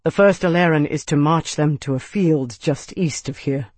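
A man's voice: on the high side, moderate pace, darkish tone, no echo, lightly acted. A man voicing a young male army captain who answers his superior tersely and respectfully. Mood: dismayed.

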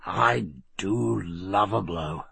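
A man voicing a hearty, bold sea captain in a lower, gravelly, husky voice. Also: very slow, bright, forceful tone, no echo, full character voice. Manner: lower, gruff delivery than the narration.

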